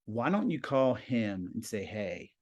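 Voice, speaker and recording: A man in his fifties, a high school TV production teacher, telling stories casually as a guest and acting out the conversations he quotes. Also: unhurried, muffled recording. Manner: animated, acts out quoted conversations. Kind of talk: casual storytelling.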